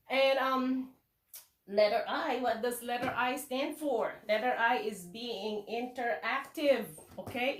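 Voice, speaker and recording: A woman teacher from the Philippines with a Filipino accent, giving animated tips to fellow teachers, asking and answering her own questions. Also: a little high, reverberant, recorded from a distance. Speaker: kindergarten teacher.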